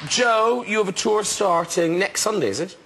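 A man's voice: sits high, normal speed, gravelly, a crowd in the background. A male talk show host, bantering and teasing guests and the studio audience. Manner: teasing, camp, laughs often. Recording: loud audience laughter, noisy old TV rip.

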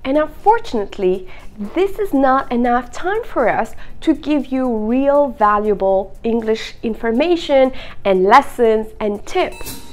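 A young woman teaching English to camera in an expressive, playful video lesson. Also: fairly high pitch, a little slow. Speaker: English teacher and content creator.

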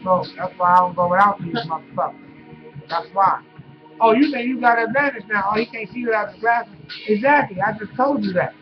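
A man with a fairly high voice delivers a profane, rambling comic rant straight to his webcam. He drifts from bit to bit and laughs at his own jokes. The audio is dull and lo-fi, with music playing clearly behind him. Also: a little fast. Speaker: webcam vlogger.

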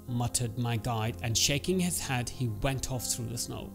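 A man reading a first-person horror story aloud as an English teacher, pausing to explain words in simple terms. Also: mid-range voice, vocal fry, faint music behind.

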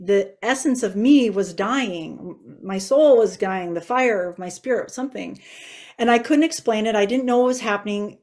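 A woman's voice: medium pitch, a little mellow. A woman in her forties sharing a personal faith testimony in an interview, earnest and emotional. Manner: earnest and emotional, tearful at times.

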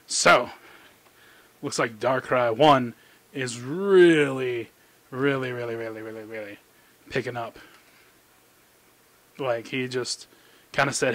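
A man hosting a casual card-pack opening commentary. He rambles excitedly, squeals with delight and mocks himself in quick asides. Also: medium pitch, no echo. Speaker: channel host. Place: indoor room under an overhead light.

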